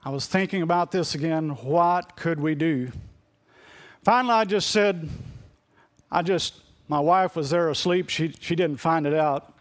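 A middle-aged man preaching, his voice sitting a little higher than most men's. He speaks earnestly and shares a personal confession, circling back over phrases as he searches for the words. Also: a little slow. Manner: earnest, confessional, repeats himself as he reaches for words. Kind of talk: sermon.

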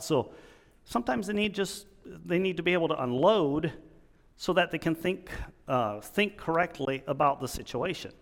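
A man preaching a sermon in an earnest, halting way, restarting his sentences often. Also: fairly high pitch, expressive, in a large hall.

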